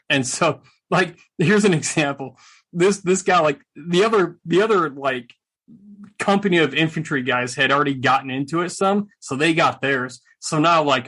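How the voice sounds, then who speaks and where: A middle-aged man, a veteran guest in an interview, telling stories in a casual, animated, joking way with a sarcastic streak. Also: a little high, breathy edge. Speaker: guest, combat veteran and speaker.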